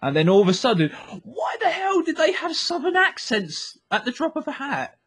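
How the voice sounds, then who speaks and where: A man's voice: very high voice, huge pitch swings, normal speed, a bit bright. A man co-hosting a casual podcast, recapping a TV episode in a rambling way and laughing often. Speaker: podcast co-host.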